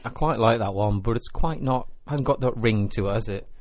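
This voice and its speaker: A man's voice: on the low side, fairly quick, no echo. A man co-hosting a casual local radio show, making dry, teasing quips. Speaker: radio co-host.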